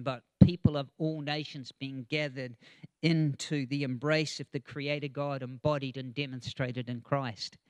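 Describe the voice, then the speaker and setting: A man's voice: mid-range voice, no room sound, clean studio sound. A man preaching a conversational sermon, with chatty asides, chuckles and frequent ums.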